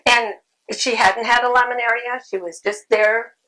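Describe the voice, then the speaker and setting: A woman's voice: a little high, fairly even intonation, normal speed, sharp tone, poor audio. Woman speaking at a convention. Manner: conversational, repeats phrases, frequent ums. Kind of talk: conference talk. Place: convention room.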